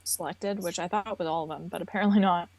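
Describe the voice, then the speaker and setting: A woman's voice: on the low side, fairly even intonation, quick pace, a little mellow. A woman co-hosting a casual gaming podcast, answering in short, playful remarks. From California, USA. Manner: brief playful replies. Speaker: podcast co-host. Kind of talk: casual chat while streaming.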